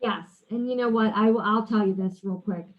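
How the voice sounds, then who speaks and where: A woman's voice: mid-range voice, normal speed. A woman interviewing a colleague in a casual chat, talking loosely with restarts, over a video call. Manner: chatty, many restarts and fillers. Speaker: interviewer for a company Q&A. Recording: tinny phone-like audio.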